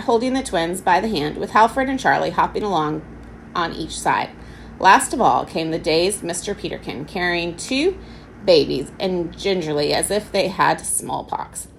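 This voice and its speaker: A woman teacher reads a children's storybook aloud with expressive narration. Her low voice carries a gravelly edge and a lively, rising-and-falling melody. Faint noise runs under the reading. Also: rough recording.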